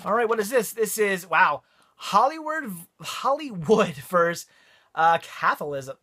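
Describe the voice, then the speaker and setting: Young male vlogger, bright and eager, rambling unboxing chat full of restarts. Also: sits high, unhurried. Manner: excited, rambling, frequent laughs and restarts.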